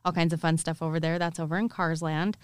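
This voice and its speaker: Upbeat woman podcast co-host, low voice. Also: flat delivery, fast, clear, resonant tone, dry recording, clean studio sound. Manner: upbeat, friendly, laughs often. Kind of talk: casual podcast chat and read sponsor ad.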